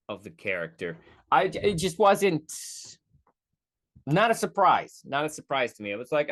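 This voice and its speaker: A man's voice: medium pitch, a bit bright. Rambling man reviewing a movie. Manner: rambling, self-correcting, quick mock voices; profane asides. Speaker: podcast host. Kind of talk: casual solo movie review.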